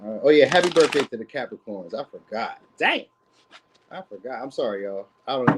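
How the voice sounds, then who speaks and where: A man's voice: medium pitch, background noise. A man giving a casual, rambling tarot reading in slangy talk, often asking "you know what I mean?". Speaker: tarot reader.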